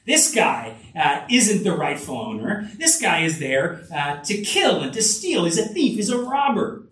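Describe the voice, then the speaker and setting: Male preacher, earnest sermon, lively swooping pitch, echoey hall. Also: unhurried. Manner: earnest, with frequent restarts and lively rises in pitch. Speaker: pastor. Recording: echoey room, voice from a distance.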